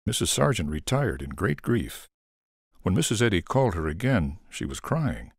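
Man with a very deep voice, expressive memoir reading, dry sound. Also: moderate pace, dry recording. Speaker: voice actor reading recollections.

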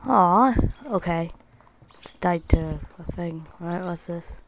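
Slow-talking low-voiced woman gamer. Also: background noise. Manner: playful, excitable, talks to viewers as lads and guys. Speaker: gaming channel host. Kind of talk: let's play commentary.

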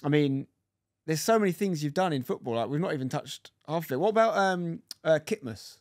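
A man hosting a podcast, talking in a quick, chatty way full of fillers. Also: fairly high pitch, expressive, no room sound, studio quality. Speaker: podcast host. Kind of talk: casual interview chat.

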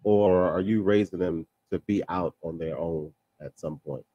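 A man in a casual panel discussion. He talks in an animated way, repeats himself, trails off into filler sounds and laughs as he talks. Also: sits low, unhurried, husky, dry recording, highs cut off. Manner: laughs while talking.

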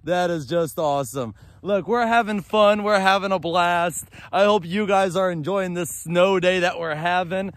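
A man vlogging outdoors in the snow with his service dog. He is cheerful and excitable, laughs often, and calls out short commands and praise to the dog from a handheld camera. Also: sits high, normal speed, dry recording. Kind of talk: casual vlog narration and dog commands.

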